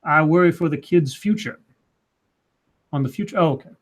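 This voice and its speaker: A man's voice: fairly high pitch, normal speed. A man co-hosting a casual livestream chat, reading viewer questions aloud in a joking put-on Southern drawl.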